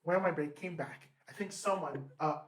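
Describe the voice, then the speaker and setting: A man's voice: a little high, normal speed, a little hiss or hum. A man co-hosting a podcast, telling a story in loose slangy chat. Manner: slangy, loose, says "bro" a lot. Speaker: podcast co-host.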